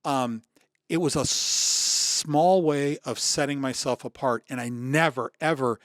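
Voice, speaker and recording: A man in his sixties from Michigan, USA, guests on a podcast, telling stories in an earnest, reflective way with many restarts. His medium-pitched voice is fairly bright and a little slow, recorded with studio quality and no echo.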